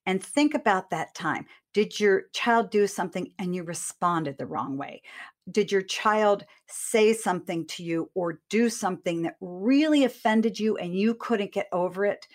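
A woman giving earnest, direct advice to parents, talking straight to the listener in a coaching manner. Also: on the low side.

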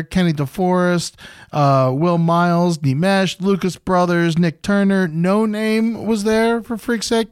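A man's voice: fairly high pitch, dry recording. Profane, storytelling man with a dry close sound. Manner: loose and profane, jumps into loud hype-man shouting when retelling. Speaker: podcast host. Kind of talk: casual storytelling.

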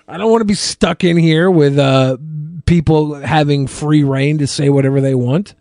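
Male podcast host, a bit high-pitched, profane and exasperated, on a dry close mic. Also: normal speed, hardly any pauses, darkish tone, no echo. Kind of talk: live podcast chat reading viewer questions.

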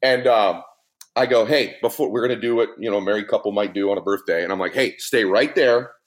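A man's voice: on the low side, fairly even intonation, quick pace. A middle-aged man, a podcast guest, telling a story in an emphatic, joking way. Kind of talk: animated storytelling.

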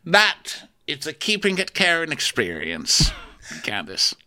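A man imitating a gushing, self-important woman from a reality show in a high, mock-sincere voice with drawn-out words. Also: wildly swooping pitch, sharp tone, heavily acted.

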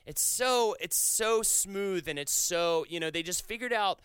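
Male podcast co-host, bright and clean, eager rambling delivery, dry sound. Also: high-pitched, unhurried, smooth, dry recording. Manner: enthusiastic, rambling, many restarts. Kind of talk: casual chat.

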